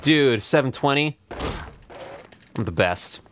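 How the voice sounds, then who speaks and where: A man's voice: mid-range voice, expressive, slow pace, background noise. A young man giving sarcastic, profane, self-mocking commentary while playing a video game. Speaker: let's play host. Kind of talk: casual gameplay commentary.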